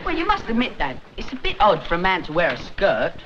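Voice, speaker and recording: A cheeky English son. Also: male voice, high voice, huge pitch swings, fairly quick. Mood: teasing. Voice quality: cheeky, teasing. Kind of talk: 1960s sitcom acting. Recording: dull lo-fi TV soundtrack with hiss.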